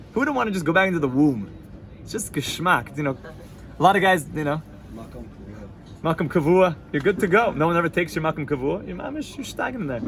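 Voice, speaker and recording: A man, teaching an informal Torah class to students, animated and joking, sprinkling in Hebrew and Yiddish terms. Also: fairly high pitch, slight background noise. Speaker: yeshiva rabbi teaching students.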